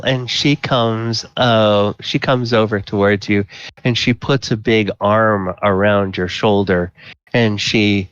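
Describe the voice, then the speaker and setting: A man narrating as game master of a tabletop game, halting with many fillers. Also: fairly low pitch, clear, resonant tone, no room sound, muffled recording.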